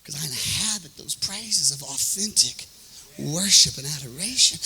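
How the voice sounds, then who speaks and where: A man preaching a sermon in a sing-song, chanting cadence, acting out voices from scripture and breaking into shouts. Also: on the high side, expressive, moderate pace, gravelly, breathy edge, poor audio. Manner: acts out biblical voices in quotes. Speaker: pastor.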